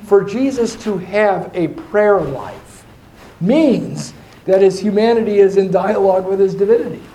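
In a discussion about faith, a male teacher with a mellow, fairly high voice speaks thoughtfully, wandering onto side paths and slowing to emphasize what matters. Faint hiss and echo fill the room.

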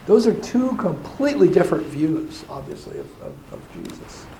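A man teaching and talking through questions of faith in a thoughtful, digressive way, slowing down to stress his points. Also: high voice, wildly swooping pitch, vocal fry, mellow. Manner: thoughtful, digressive, with slowed emphasis. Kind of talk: explaining faith in a discussion. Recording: echoey room with faint noise.

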